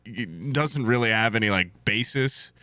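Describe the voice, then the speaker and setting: A man's voice: fairly low pitch, unhurried, sharp tone. A young man co-hosting a podcast in casual, jokey chat, swearing freely. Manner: swearing, jokey, mimics voices of others in bursts. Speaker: podcast co-host.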